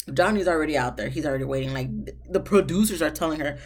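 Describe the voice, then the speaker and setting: A woman recapping a reality show episode in a casual, sassy, exasperated way, jumping up high for emphasis. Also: moderate pace, long pauses.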